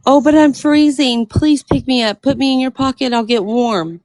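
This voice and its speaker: A woman's voice: sits high, moderate pace, a little mellow, no echo, pitched above the performer's own voice, lightly acted, rough recording. A woman voicing a deceitful snake in a fable, with a whiny, pleading delivery.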